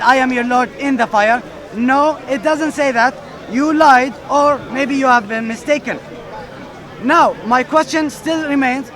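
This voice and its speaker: High-voiced young man debating outdoors. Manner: firm, deliberate, insistent questioning. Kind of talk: street debate. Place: outdoor public park. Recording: outdoor crowd chatter. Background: crowd.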